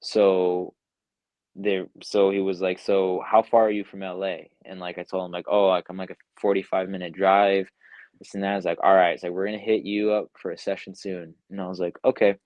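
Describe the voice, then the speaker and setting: His voice sits low and runs a little fast, on a muffled recording with no room sound. He's a young music producer at home in a live online interview over a video call, animatedly retelling a story, acting out quotes and saying "like" often.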